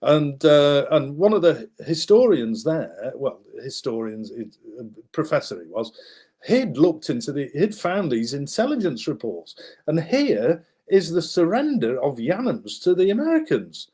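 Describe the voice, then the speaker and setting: A man's voice: a little high, unhurried, slightly rough. A man, guest author, animatedly recounting a wartime story while showing maps, with many fillers and restarts. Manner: animated, acts out the people in his story.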